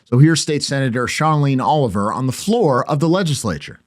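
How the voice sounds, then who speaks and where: A man's voice: mid-range voice, expressive, fairly quick. Sarcastic male podcast host. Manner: sarcastic, mocking asides. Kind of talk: opinionated commentary.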